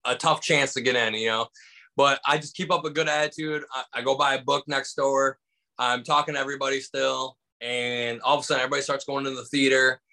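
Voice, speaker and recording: A man from Michigan, a comedian, telling a story in casual conversation with lively acted-out voices and lots of fillers. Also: mid-range voice. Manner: animated, acts out voices in anecdotes, many fillers. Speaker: stand-up comedian guest.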